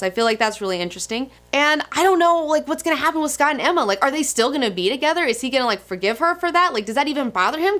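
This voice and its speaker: A young woman giving casual comic book commentary in a gushing, excitable manner with frequent swearing. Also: on the high side.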